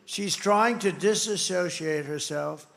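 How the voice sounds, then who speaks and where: Combative high-voiced man at a rally. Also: takes it slowly, vocal fry, a bit bright. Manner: combative, repetitive, mocking asides. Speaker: political candidate. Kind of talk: campaign rally speech. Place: large rally venue.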